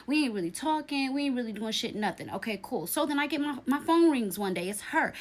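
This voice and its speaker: A young woman with a fairly high voice tells a storytime in a brash, emphatic, profane way. She keeps checking in with the listener and drives each point home. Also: animated, moderate pace, hardly any pauses. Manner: brash, profane, emphatic, tags lines with "okay?". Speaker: storytime vlogger. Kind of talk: casual storytime.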